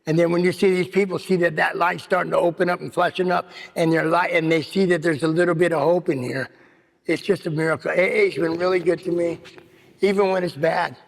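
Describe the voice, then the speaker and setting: A man's voice: on the high side, steady tone, fairly quick, gravelly. A man giving a rambling personal recovery share at a meeting, full of "you know what I mean.". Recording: long hall reverb.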